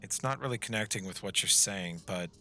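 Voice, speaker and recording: A man's voice: lowish voice, fairly quick, bright, forceful tone. A man narrating a tabletop game as game master, describing scenes with occasional fillers.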